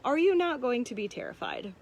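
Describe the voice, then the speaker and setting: A woman's voice: a little high, huge pitch swings, a little fast. Casual young woman giving a devotional. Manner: conversational, frequent "um" and "like", personal and candid. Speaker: church devotional speaker. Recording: faint background noise.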